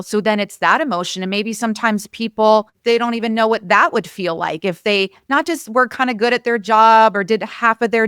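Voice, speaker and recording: Earnest, smooth-voiced woman podcast host. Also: mid-range voice, fairly bright tone, no echo, clean studio sound. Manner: earnest, candid and reflective, speaking from personal feeling. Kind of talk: casual interview conversation.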